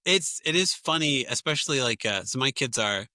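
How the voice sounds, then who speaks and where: A man's voice: mid-range voice, expressive, moderate pace, sharp tone, no room sound. A man in his thirties chatting casually on a podcast, telling family stories and acting out what everyone said. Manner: chatty storytelling that acts out family quotes. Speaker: podcast co-host or guest. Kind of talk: casual chat.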